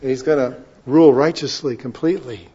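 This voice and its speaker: A male pastor preaching a sermon and reading scripture aloud, building to loud, emphatic declaiming. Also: mid-range voice, steady tone, a little fast, breathy edge, muffled recording.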